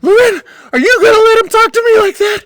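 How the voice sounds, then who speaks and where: A man voicing an irate old man at a bar, indignant and shouting, in a pitch well above his own. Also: quick pace, dry recording, clean studio sound. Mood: furious shouting.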